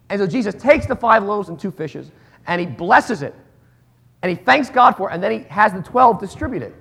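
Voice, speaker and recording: A male pastor preaching a sermon, animated, moving between hushed asides and loud emphatic bursts. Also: high-pitched, brisk, creaky, husky.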